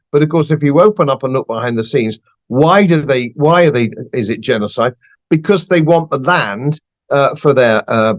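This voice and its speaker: An older man, a podcast guest giving blunt, emphatic political opinions and repeating phrases for stress. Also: medium pitch.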